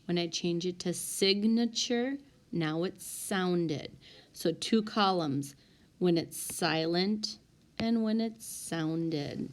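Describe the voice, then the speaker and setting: A woman teacher giving a recorded spelling lesson, sounding out words one by one with deliberate dictation. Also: fairly low pitch. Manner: slow, deliberate word-by-word dictation. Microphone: tablet microphone.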